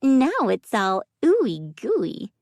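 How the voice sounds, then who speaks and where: A woman voicing a small winged female creature who teases and giggles in a squeaky, playful voice. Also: huge pitch swings, drawn-out words, darkish tone, dry recording, studio quality, exaggerated voice. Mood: cooing.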